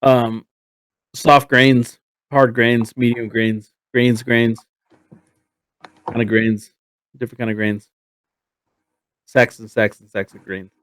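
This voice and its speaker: A man's voice: mid-range voice, little pitch movement, slow, long pauses, fairly bright tone, no echo, poor audio. A man narrating as game master in a streamed tabletop game, rambling and full of fillers. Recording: streamed voice chat.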